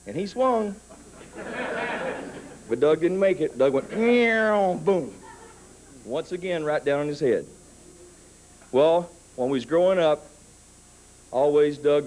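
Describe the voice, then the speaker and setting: A man in his thirties telling a story in a wrestling interview, building up to shouted threats. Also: medium pitch, rough recording. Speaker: wrestler cutting a promo.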